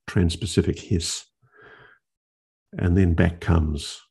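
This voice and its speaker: A male journalist telling a story in an interview, animated, with restarts and dramatic pauses. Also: low voice. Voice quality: gravelly, husky.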